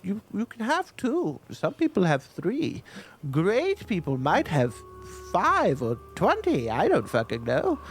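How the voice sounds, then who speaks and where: A shrill, bossy old grandma who swears and calls people "dearie",. Her voice sits far above his own and swoops around as she barks orders. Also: wildly swooping pitch, slow pace, slight background noise, full character voice. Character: cranky foul-mouthed old grandma.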